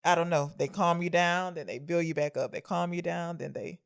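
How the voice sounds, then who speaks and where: Female podcast co-host, low-pitched, chatty recap with teasing interruptions. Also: steady tone, creaky, clear, resonant tone. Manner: chatty, interrupts with quick questions and teasing asides. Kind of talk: casual film discussion.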